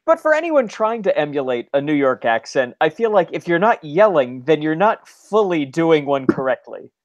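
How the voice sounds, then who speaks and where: A man's voice: a little high, very animated. A man co-hosting a casual podcast chat, playful and teasing with his partner. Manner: playful, teasing, quick to cheer. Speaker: podcast co-host.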